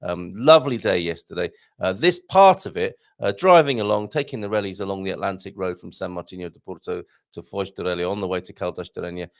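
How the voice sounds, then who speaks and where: A man's voice: low voice, quick pace, gravelly, few pauses, dry recording, clean studio sound. A man hosting a casual morning live stream, chatting in a rambling way with many fillers as he greets viewers by name. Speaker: livestream show host.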